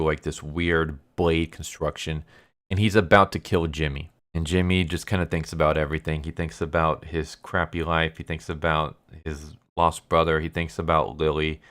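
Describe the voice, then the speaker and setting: A man's voice: a bass voice, fairly bright tone. A man casually retelling a story, loose and chatty, with lots of filler words. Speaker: manga recap narrator.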